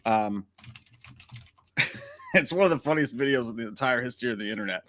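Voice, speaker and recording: A man's voice: mid-range voice, a little fast, sharp tone, slight background noise. A man co-hosting a movie livestream, playfully reading viewer messages and trading jokes. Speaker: co-host of a movie talk livestream. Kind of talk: casual chat.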